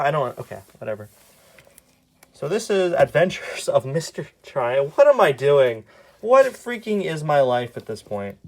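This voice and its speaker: A young man casually commenting as he reads his old comics aloud, sarcastic and exasperated, with quick asides. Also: a little high, very animated, creaky, darkish tone. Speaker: YouTube artist.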